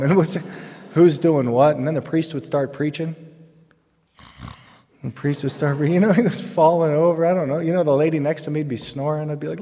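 A man gives a lively, joking faith talk to a crowd, his voice jumping into loud excited bursts. His words ring out with a long reverb in a large hall. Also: a little high, normal speed. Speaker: Catholic speaker. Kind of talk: humorous faith talk to a live audience.

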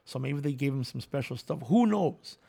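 A man's voice: mid-range voice, expressive, normal speed, vocal fry, warm tone. A man co-hosting a casual chat, animatedly retelling a story and acting out the voices in it. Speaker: podcast co-host.

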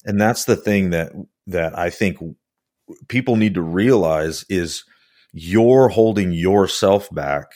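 A man with a very low, deep voice who talks slowly and deliberately. He is earnest and measured, building his point through a string of questions. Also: a little mellow. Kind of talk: casual discussion.

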